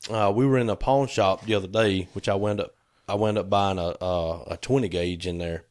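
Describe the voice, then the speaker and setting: A middle-aged man co-hosts a podcast in a casual storytelling chat, his voice sitting low, brisk, a little mellow, with fairly even intonation. He laughs through the funny parts of his stories and acts out quotes.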